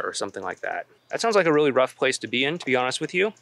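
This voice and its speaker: A man's voice: mid-range voice, sing-song, very fast, few pauses, fairly bright tone. A young adult man, a relationship coach, talking earnestly on a walk outdoors in a forest, with fillers and restarts. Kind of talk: casual advice vlog.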